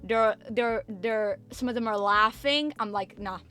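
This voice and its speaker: Animated young woman telling a story. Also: fairly high pitch, measured pace, over music. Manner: animated storytelling with swearing and acted-out quotes. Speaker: streamer. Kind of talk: casual chat.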